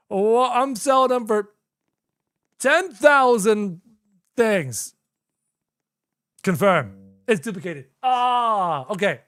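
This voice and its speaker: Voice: medium pitch, dry recording, clean studio sound. A young adult game streamer doing live gameplay commentary, chatty, talking to chat and repeating phrases while figuring things out.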